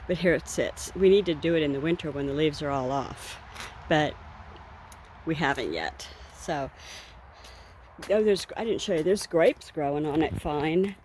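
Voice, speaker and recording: Woman kinda low voice just chatting and rambling outside in her yard, a lil out of breath, faint background noise. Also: unhurried, long pauses, darkish tone. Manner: rambling, chatty, laughs often. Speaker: vlogger. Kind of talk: casual vlog chat. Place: outdoors in a home garden.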